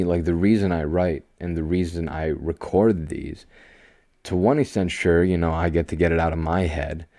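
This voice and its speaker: A young man hosting his own podcast in a casual solo monologue, talking slowly and calmly in a soothing, self-assured way, with quiet asides and sudden emphatic bursts. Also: low voice, no room sound, clean studio sound. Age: young adult. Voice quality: slow, calm and soothing delivery. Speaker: podcast host.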